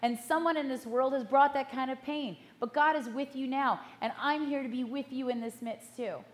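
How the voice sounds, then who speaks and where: A middle-aged woman pastor giving a sermon in an earnest, measured way, slowing down to stress key words. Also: high voice, steady tone. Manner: earnest, measured, slows for emphasis.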